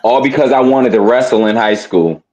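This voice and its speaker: A man's voice: mid-range voice, normal speed, a little mellow, a little hiss or hum. A man chatting as a guest on a radio talk show, telling laid-back family stories. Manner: laid-back storytelling, mimics relatives. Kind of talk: casual radio chat.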